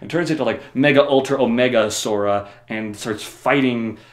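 A man's voice: medium pitch, normal speed, roomy sound. A man summarizing a video game story for comedy, rambling with joking, sarcastic asides. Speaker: video host.

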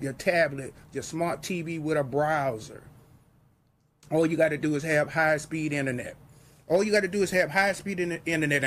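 A man hosting his own show, pushing a TV subscription in a hyped, repetitive live sales pitch. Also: a bit bright, a little hiss or hum. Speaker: host pitching a TV service.

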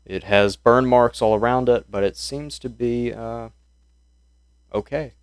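A man's voice: mid-range voice, a little slow, clean tone, no room sound. A man narrating as game master of a tabletop horror game, describing scenes loosely with plenty of ums and uhs.

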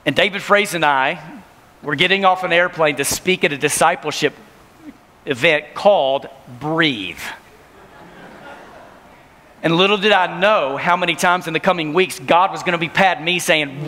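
A man in his thirties giving an energetic youth camp sermon, telling stories and acting out voices. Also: fairly high pitch, normal speed, long pauses. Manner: storytelling, acts out voices, laughing. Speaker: camp speaker. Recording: reverberant hall.

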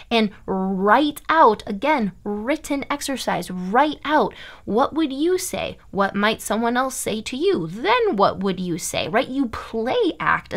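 A woman's voice: fairly high pitch, a bit bright. A woman from Iowa, teaching German online in an emphatic, chatty way that keeps checking in with "okay?". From Iowa, USA. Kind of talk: online language lesson.

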